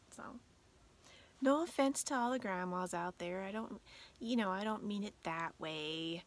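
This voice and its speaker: Woman in her late 40s, home vlogger, slow, rambling chat with whispered asides. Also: medium pitch. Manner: chatty, rambling, drops to a whisper at times. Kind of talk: casual vlog chat.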